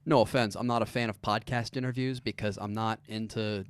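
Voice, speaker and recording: Male comedian guest, deliberate and dry delivery, smooth, resonant tone. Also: on the low side, steady tone, no echo. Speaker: podcast guest, stand-up comedian. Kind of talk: casual chat.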